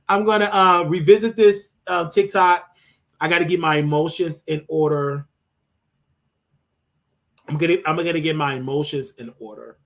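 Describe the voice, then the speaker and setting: A man's voice: gravelly, fairly bright tone. A man hosting a livestream, emotional after crying, repeating his thanks to viewers over and over. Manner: jumps to high drawn-out greetings when welcoming viewers. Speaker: livestream host. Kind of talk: emotional live stream chat with viewers.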